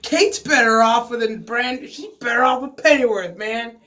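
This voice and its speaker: High-voiced man ranting about a show. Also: normal speed, bright, forceful tone. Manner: profane, exasperated, swears freely. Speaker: vlogger reviewing a TV episode. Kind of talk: casual ranting review.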